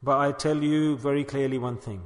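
A man's voice: mid-range voice, fairly even intonation, normal speed. A man preaching a sermon, telling a story and urging his listeners, with Urdu and Arabic religious words woven in. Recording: long hall reverb.

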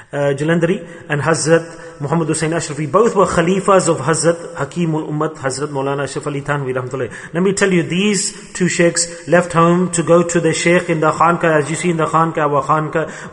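Guy preaching a sermon, pretty high voice, lots of hall reverb, gets worked up telling stories. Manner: emotional, animated retelling with quoted voices. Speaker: Islamic preacher. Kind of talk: sermon with storytelling.

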